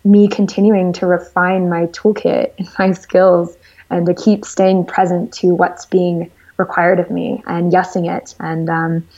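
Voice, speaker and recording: A woman speaking as an interview guest, telling stories in a lively, rambling way with lots of fillers. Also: lowish voice, a little slow, highs cut off. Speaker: guest entrepreneur. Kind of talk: casual storytelling interview.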